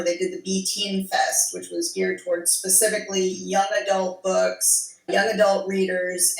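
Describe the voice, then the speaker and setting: A woman's voice: medium pitch, creaky, roomy sound, recorded from a distance, poor audio. A woman author chatting casually, with many fillers. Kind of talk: casual chat.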